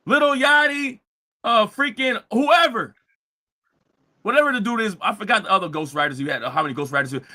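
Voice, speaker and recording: A high, bright male voice drives a live-streamed commentary rant. He mocks his target and circles back to the same points again and again. His delivery swings between hard-edged talking and bursts of shouting. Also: lively intonation, normal speed. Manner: heated, mocking, repetitive ranting with frequent shouting. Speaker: show host.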